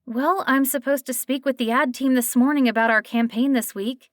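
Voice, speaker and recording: A young woman who runs a café speaks a touch higher and brighter than the narrator, trying to sound brave, as a woman narrator puts her on. The sound is dry and close-miked. It is a storybook heroine's voice. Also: steady tone, normal speed, no room sound, natural voice. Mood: nervous.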